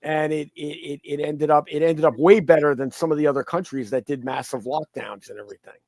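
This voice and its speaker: A man with a slightly high voice talks in a loose, animated way as an interview guest. He often stumbles over and repeats his words. The sound is dry and close, with no room around it. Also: a little fast, gravelly, dry recording, low-quality recording. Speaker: guest commentator. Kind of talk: casual conversational interview.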